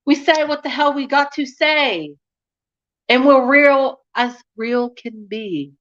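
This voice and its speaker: A woman's voice: high voice, slow pace, a bit bright. A young woman hosting a casual live chat with her viewers, talking frankly and scatteredly and laughing often. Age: young adult. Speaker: YouTube channel host. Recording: dull lo-fi sound.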